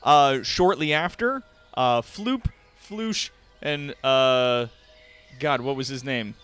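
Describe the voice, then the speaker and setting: A man narrating a tabletop game as game master, animated and laughing often. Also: mid-range voice, slow, clear, resonant tone.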